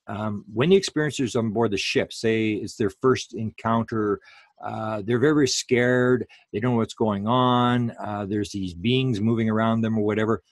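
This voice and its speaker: A man's voice: fairly low pitch, fairly even intonation, normal speed, no room sound. A man giving a public lecture in a rambling way, full of fillers and restarts.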